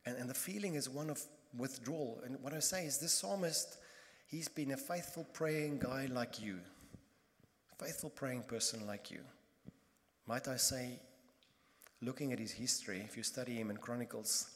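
A man preaches with fervor, mid-pitched and emphatic, stacking repeated phrases as he drives each point home. His voice swells into loud bursts, then drops to a hush. It rings out with the long reverb of a large church hall. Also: moderate pace. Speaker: pastor. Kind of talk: sermon.

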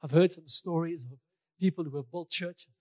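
Man, pastor, sermon, fairly high voice, conversational, repeats phrases, light humor, dry sound. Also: normal speed, dark tone, no room sound.

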